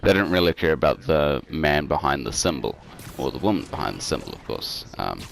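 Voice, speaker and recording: Very deep-voiced man, rambling. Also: animated, brisk, creaky, slight background noise. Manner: rambling, filler-heavy storytelling. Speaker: co-host. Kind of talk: casual podcast chat over a game stream. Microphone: home mic over an online call.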